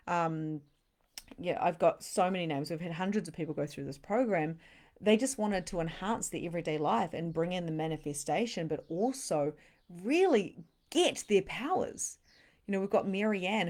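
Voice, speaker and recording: Hosting a livestream, a woman spiritual coach is bubbly and chatty, reading comments aloud with quick laughs while pitching her program. At times she drops into a hushed near-whisper during this live sales pitch and chat.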